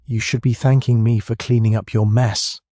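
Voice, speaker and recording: An actor voicing a blustering, pompous police chief inspector who bellows and sneers. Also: male voice, medium pitch, level tone, moderate pace, warm tone, dry recording, clean studio sound, natural voice.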